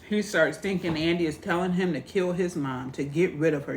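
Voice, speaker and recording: Chatty woman recapping a movie, low-voiced. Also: a little fast, slight background noise. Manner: animated retelling, acting out characters' lines; chatty, addresses viewers directly. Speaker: movie reviewer. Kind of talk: casual spoken movie recap.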